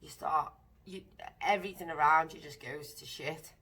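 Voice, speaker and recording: A woman candidly recounting a personal experience to camera, vivid and emotional, sometimes dropping into breathy whispers. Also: sits low, normal speed, sharp tone. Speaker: vlogger sharing personal experience.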